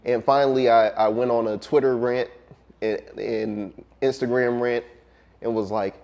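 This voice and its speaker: A man's voice: mid-range voice, fairly even intonation, vocal fry, darkish tone. Laid-back man, music producer guest. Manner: laid-back, reflective, many ums and trailing pauses. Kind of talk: casual interview conversation.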